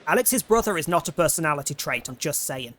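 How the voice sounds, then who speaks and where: A man's voice: a little high, animated, fast, a bit bright. A man streaming a horror game, commenting casually and laughing often. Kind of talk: let's play commentary.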